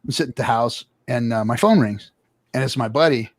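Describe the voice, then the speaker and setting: A man telling a long story in casual chat, profane and animated, acting out the people he quotes. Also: mid-range voice, a little fast, no room sound. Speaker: show regular.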